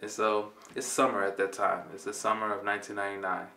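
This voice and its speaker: A man's voice: on the low side, little pitch movement, quick pace, vocal fry, bright, forceful tone. A man in his twenties from Compton, California, telling a personal story in a laid-back, slangy way and acting out the dialogue. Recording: roomy, mic at a distance.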